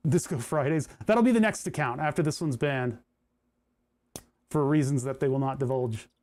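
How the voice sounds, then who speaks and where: A man's voice: mid-range voice, moderate pace, darkish tone. A man from New Jersey chatting casually on a live stream, rambling and chuckling as he thinks aloud while working on electronics. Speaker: livestreamer building electronics.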